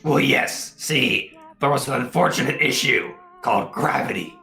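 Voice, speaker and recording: A man's voice: medium pitch, moderate pace, gravelly, pushed and bright, echoey room, soft background music. A man playing in a tabletop game in casual back-and-forth, peppered with fillers. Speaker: player. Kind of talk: casual tabletop role-play.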